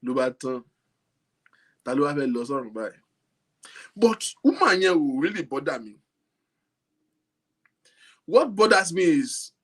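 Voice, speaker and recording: A man's voice: medium pitch, slightly rough. A man with a Nigerian accent talking casually to camera, amused and incredulous, laughing often as he comments. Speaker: vlogger.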